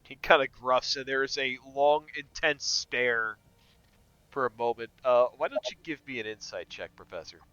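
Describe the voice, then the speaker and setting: A man's voice: mid-range voice, normal speed, sharp tone, smooth, no echo, highs cut off. A man narrating a tabletop game as game master in a casual, laughing way.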